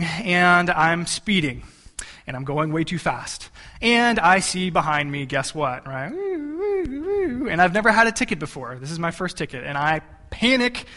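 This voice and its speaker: Male pastor, slightly high voice, self-mocking storyteller, sermon in a reverberant hall. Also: pushed and bright.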